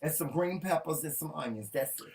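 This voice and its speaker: A man's voice: a little high, lively intonation, a little fast, recorded from a distance, poor audio. Sassy man, off-mic. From Southern United States. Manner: emphatic, sassy, fussy about food. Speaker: talk show co-host. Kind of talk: casual chat.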